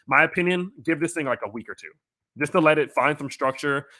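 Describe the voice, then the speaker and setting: A man's voice: fairly high pitch, lively intonation, fairly quick, sharp tone. A man with a light Louisiana accent hosting a casual crypto livestream, reading chat questions aloud and answering in a loose, filler-heavy way. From Louisiana, USA. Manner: loose and filler-heavy, with frequent "um" and "you know", speaking directly to viewers.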